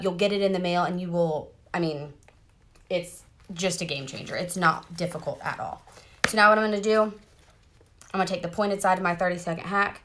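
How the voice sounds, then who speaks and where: A woman, chatting bubbly and direct to viewers during a casual live makeup tutorial, sitting in a car. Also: on the low side. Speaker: makeup seller doing a live demo. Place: parked car.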